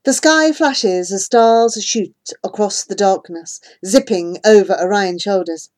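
A woman giving gentle, measured first-person narration of a storybook. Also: mid-range voice. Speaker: audiobook narrator.

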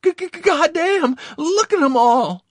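A man's voice: very high-pitched, animated, slow, no room sound, voice pushed up, exaggerated voice. A man voicing a panicking young male Marine who has just been wounded, shrieking and stammering in terror. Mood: panicked shrieking.

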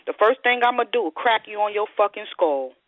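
A woman's voice: medium pitch, expressive, brisk. A woman ranting furiously in online voice chat, hurling repetitive profane insults. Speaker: voice chat participant. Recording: tinny phone-like voice chat audio.

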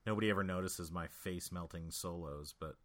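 A man's voice: low-pitched, brisk. A man co-hosting a podcast, chatting casually and jokingly about music with plenty of filler words. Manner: joking, rambling with many fillers. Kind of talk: casual chat.

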